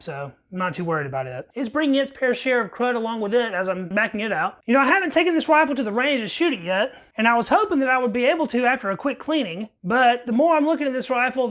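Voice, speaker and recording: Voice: medium pitch, lively intonation, fast talker, few pauses, fairly bright tone. A rifle reviewer giving a wry, plain-spoken running commentary over a workbench teardown. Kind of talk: casual workbench narration.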